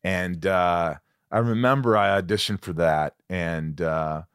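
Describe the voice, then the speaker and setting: A man hosting a podcast, telling animated stories full of restarts and acted-out voices. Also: low-pitched, clean tone, no room sound, studio quality. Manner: animated, acts out voices in anecdotes; halting restarts. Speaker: podcast host. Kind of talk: casual storytelling chat.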